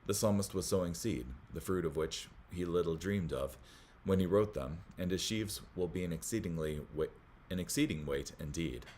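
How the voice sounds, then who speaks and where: A man hosting a Bible study, reading commentary aloud in a measured way, with small slips that he corrects as he goes. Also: deep voice, darkish tone, slight background noise.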